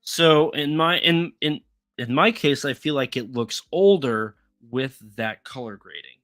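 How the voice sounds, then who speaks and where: A man's voice: mid-range voice, measured pace, a bit bright. Man explaining things over faint music. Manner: explanatory, restarts phrases. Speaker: podcast co-host. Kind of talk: casual chat.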